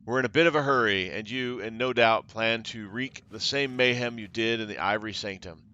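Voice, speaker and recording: A man's voice: medium pitch, brisk, bright, forceful tone, smooth, dull audio, natural voice. A man voicing a cruel, taunting female cult leader while reading game dialogue aloud, with mocking theatrical delivery.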